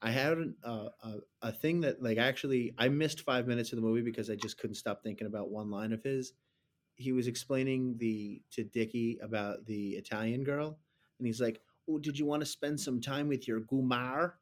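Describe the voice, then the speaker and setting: Animated man in casual film chat. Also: medium pitch, normal speed. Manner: animated, rambling, mocking asides.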